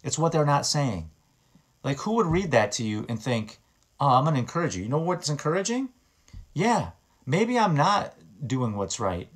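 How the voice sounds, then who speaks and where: A man's voice: on the high side, sing-song, measured pace. A man giving an informal, earnest sermon, talking conversationally and often restarting and repeating his words. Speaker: preacher.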